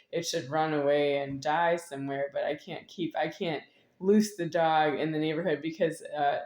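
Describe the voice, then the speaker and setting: Middle-aged woman, very low voice, rambling and repetitive delivery, echoey room. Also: darkish tone. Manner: meandering, repetitive, with sudden laughs. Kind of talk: rambling spoken monologue.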